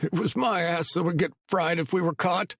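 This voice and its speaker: Man putting on a high shaky voice, panicky stammering crook, husky, dry audiobook sound. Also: moderate pace, dry recording, heavily acted. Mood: frightened. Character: panicky male money launderer, frightened.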